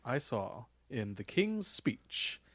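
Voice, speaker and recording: A man co-hosting a gaming podcast in casual chat, soft-spoken and hesitant, often trailing off. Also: medium pitch, big pitch swings, takes it slowly, breathy edge, no echo. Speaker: podcast co-host.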